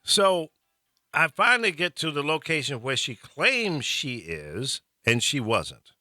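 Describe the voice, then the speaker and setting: Animated, bright-voiced male talk host. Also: a little high, measured pace, no echo, studio quality, faint music behind. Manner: animated, chuckling storyteller. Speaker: radio talk show host. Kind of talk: casual storytelling chat.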